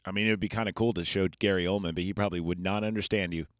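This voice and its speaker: A man's voice: deep voice, steady tone, racing, no echo, clean studio sound. A man hosting a podcast, recapping a film in a rambling, chatty way full of fillers and asides. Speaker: podcast host reviewing a film. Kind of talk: casual chat. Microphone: podcast microphone.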